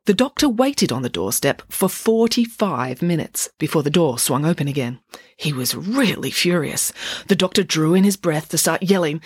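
A woman narrating a children's storybook in a wry, expressive way. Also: sits low, breathy edge, no room sound, clean studio sound. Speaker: audiobook narrator.

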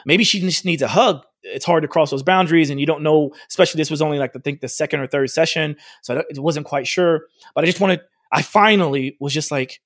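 A man with a slightly high voice tells a story from his work as a fitness trainer. He talks casually and animatedly, dropping plenty of "like" and acting out what people said. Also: no echo, studio quality. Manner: animated, acts out quoted dialogue, frequent "like". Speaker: fitness studio owner and trainer.

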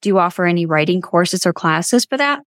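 A woman's voice: on the low side, animated, brisk, a bit bright, no room sound, clean studio sound. A woman hosting a podcast interview, who talks in an earnest, reflective way and brings her faith into the conversation. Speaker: podcast host.

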